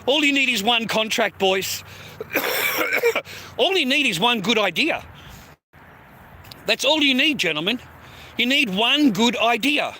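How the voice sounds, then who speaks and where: A man's voice: very high voice, very animated, slow, pauses often, bright, forceful tone, slight background noise. A middle-aged Australian man vlogging outdoors on a phone, swearing constantly and tagging mate onto nearly every line. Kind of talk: rambling street vlog. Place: outdoors on city streets.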